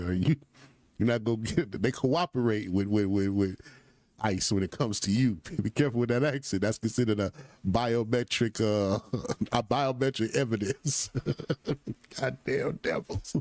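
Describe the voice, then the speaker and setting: Male reaction host, low mellow tone, laid-back slangy delivery. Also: moderate pace, no room sound. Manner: loose, slangy, talks back to the clips. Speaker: commentary channel host. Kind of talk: casual reaction commentary.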